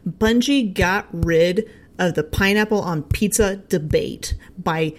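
Lower-voiced woman hosting a podcast, chatty and giggly. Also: takes it slowly. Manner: chatty, laughs often. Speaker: podcast host. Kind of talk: casual chat about game lore.

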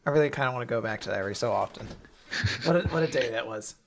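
A man co-hosting a podcast, chatting about a manga in an animated, jokey way. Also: mid-range voice, rapid-fire, gravelly, crowd noise. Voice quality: animated, jokey, laughs easily. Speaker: podcast co-host. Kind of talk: casual chat about a manga.

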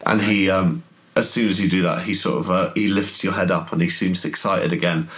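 Guy running a horror tabletop game, really low voice, lots of ums. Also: steady tone, a bit bright. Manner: halting, full of fillers. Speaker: game master.

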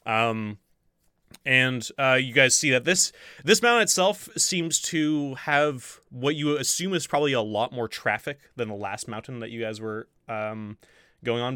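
Brief: game master, male, bright forceful voice, dry close sound, filler-heavy narration. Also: mid-range voice, moderate pace, smooth, dry recording. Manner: rambling, many ums and uhs, laughs easily.

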